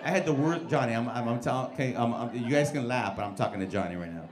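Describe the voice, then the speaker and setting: A man doing a stand-up set in a comedy club, telling stories loudly and profanely with lots of crowd work and put-on voices. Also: mid-range voice, fast talker. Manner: loud, profane, animated storytelling with put-on voices. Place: comedy club stage with live audience. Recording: live club recording with crowd noise.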